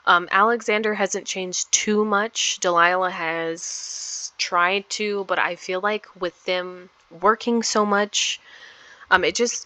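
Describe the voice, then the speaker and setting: A woman's voice: medium pitch, bright, forceful tone, dry recording. Chatty woman narrating her gameplay. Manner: chatty, rambling with many ums. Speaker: gameplay vlogger. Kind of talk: casual game commentary.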